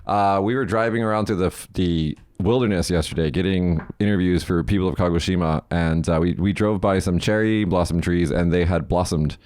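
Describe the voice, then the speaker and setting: Deep-voiced man, casual swearing podcast host. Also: brisk, few pauses, no echo. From Las Vegas, United States. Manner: swears casually, rambling and animated. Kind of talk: casual chat.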